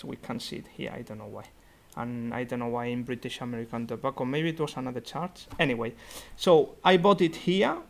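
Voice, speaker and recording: A young man on a video call thinking aloud as he reviews a student investment portfolio, with many fillers and restarts. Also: mid-range voice. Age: young adult. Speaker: student investment society organiser. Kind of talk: virtual meeting portfolio review. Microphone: computer mic on a video call.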